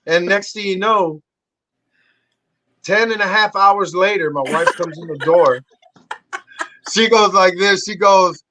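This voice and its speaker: A middle-aged man, a guest on a podcast, telling a story in a loose, profane way and jumping high in pitch when he acts out what people said. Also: a little slow, pauses often, poor audio. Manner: animated, profane, acts out quotes with big pitch jumps. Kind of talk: casual storytelling chat.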